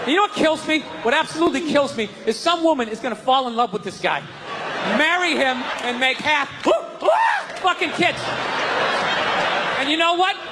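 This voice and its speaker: A man's voice: very high voice, lively intonation, moderate pace. A middle-aged man doing a profane, ranting stand-up routine on a club stage, acting out characters along the way. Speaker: stand-up comedian. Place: comedy club stage before a live audience. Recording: live club recording with loud crowd noise.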